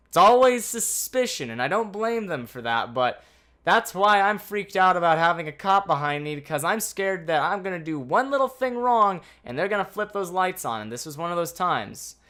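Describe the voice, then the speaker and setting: Bright-voiced man telling a story. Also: high voice. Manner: animated, swearing, anxious retelling. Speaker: vlogger. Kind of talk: casual storytime vlog.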